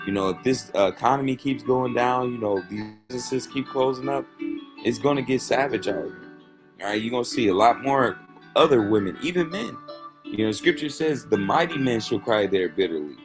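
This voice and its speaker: A man's voice: mid-range voice, expressive, brisk, music in the background. A man in casual commentary, talking loosely in slang and reading scripture verses aloud. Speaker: host.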